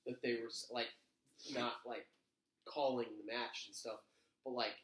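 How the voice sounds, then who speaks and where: A man co-hosting a casual wrestling podcast, joking and swearing in excitable banter. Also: medium pitch, measured pace, echoey room. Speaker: podcast co-host. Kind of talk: casual chat about wrestling.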